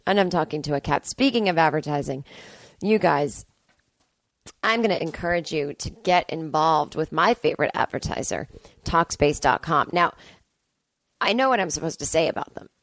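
Low-voiced, hoarse woman chatting away. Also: lively intonation, normal speed, no echo. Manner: chatty, digressive, with cooing baby talk. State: hoarse, strained voice. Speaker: podcast host. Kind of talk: casual rambling chat with ad read. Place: sister's home, indoors.

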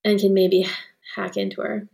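A woman's voice: mid-range voice, flat delivery, normal speed, gravelly, darkish tone. A woman playing a tabletop role-playing game, speaking earnestly and a little anxiously. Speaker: player.

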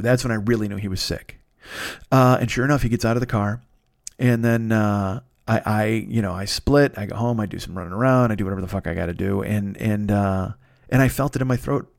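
A man hosting a podcast alone, hoarse and congested with a cold, rambling through a profane story. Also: mid-range voice, no room sound, studio quality. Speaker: podcast host. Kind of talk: casual solo monologue.

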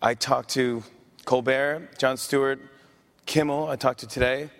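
A man hosting a live audience Q&A, chatty and quick to laugh, often restarting his sentences. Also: medium pitch, steady tone, a bit bright. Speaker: late-night talk show host answering audience questions. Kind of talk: casual live Q&A on stage.

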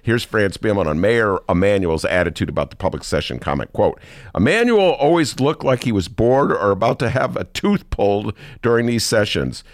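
Man, radio host, gravelly low voice, swooping pitch, dry studio sound. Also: moderate pace, no echo. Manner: animated, mocking impressions, laughs often. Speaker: radio talk show host. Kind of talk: casual political commentary.

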